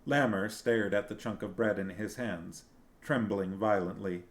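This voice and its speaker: A man's voice: fairly low pitch, measured pace. A man narrating a fantasy novel aloud. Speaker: streamer reading a book.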